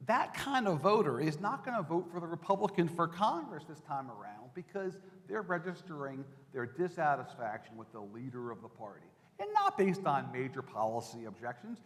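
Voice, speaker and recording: Man telling reporting stories in an echoey hall. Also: medium pitch. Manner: anecdotal, conversational, with fillers and restarts. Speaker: political reporter. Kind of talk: talk to an audience. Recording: echoey hall with long reverb.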